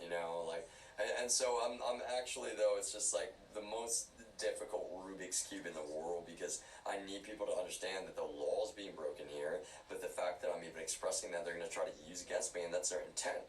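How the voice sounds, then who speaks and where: A man with a very low voice rambles through a livestream, earnest and insistent, circling back to repeat his points. He sits some way from the microphone in a roomy space. A faint hiss runs underneath. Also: a little fast, distant mic. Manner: rambling, repeats himself and restarts often.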